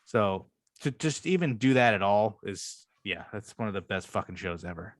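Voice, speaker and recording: A man's voice: on the low side, lively intonation, normal speed, no echo, clean studio sound. A man co-hosting a podcast, chatting casually and enthusiastically about a favorite comedy show, swearing freely and rambling. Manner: rambling, profane, enthusiastic retelling. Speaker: podcast co-host. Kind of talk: casual chat.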